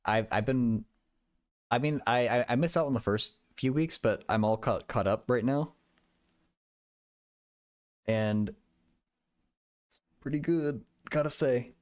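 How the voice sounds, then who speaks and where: A man's voice: mid-range voice, slow pace, long pauses. A young man livestreaming while he does math homework, chatting casually and often stammering and repeating words.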